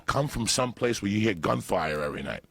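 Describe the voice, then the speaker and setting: A man telling profane stories in a casual podcast chat, loud and laughing. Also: lowish voice, animated, fairly quick, vocal fry, slightly rough, no echo. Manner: profane, loud storyteller who breaks into laughter. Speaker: podcast guest.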